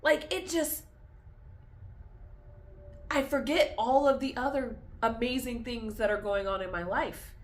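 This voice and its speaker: A woman's voice: fairly high pitch, unhurried, pauses often. A young woman talks candidly in a personal vlog, confessional and tearful, laughing through tears as her feelings swing back and forth. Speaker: vlogger.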